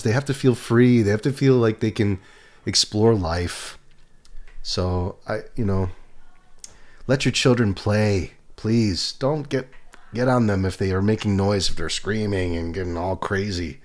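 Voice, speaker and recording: A middle-aged man with a lowish voice talks in a loose, rambling way, drifting from one subject to the next. It is a relaxed home vlog, as if chatting to viewers. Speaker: vlogger. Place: home, children heard nearby.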